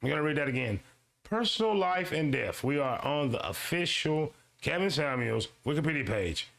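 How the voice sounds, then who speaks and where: A man with a slightly high, gravelly voice hosts a streamed commentary show. He reads a web page aloud at a slow, deliberate pace and breaks off into fast, animated remarks aimed at his audience. He often repeats a line to drive it home. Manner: animated, swings between slow read-aloud and quick asides; talks back to his audience, repeats lines for emphasis. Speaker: show host.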